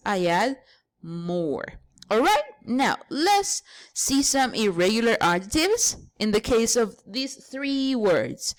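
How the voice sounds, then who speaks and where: A woman teaching English grammar at an unhurried, measured pace. She explains each rule patiently and step by step, spelling out letters as she goes. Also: a little high, sing-song. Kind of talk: grammar lesson.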